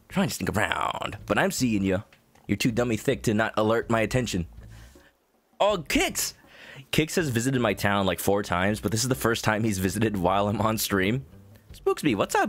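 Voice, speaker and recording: Man streaming a game, casual and chatty, lively up-and-down voice, faint game music behind. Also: on the low side. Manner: chatty, laughs often, greets chat. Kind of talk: casual gaming livestream chat.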